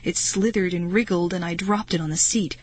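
A woman's voice: fairly low pitch, fairly even intonation, fairly quick, a little mellow, slightly rough, dry recording. A woman narrating a first-person children's adventure story in a suspenseful, dramatic reading voice. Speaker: audiobook narrator.

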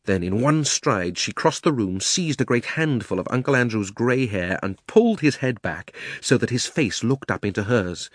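A man narrating a children's storybook in a measured, expressive reading. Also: mid-range voice, no room sound, studio quality.

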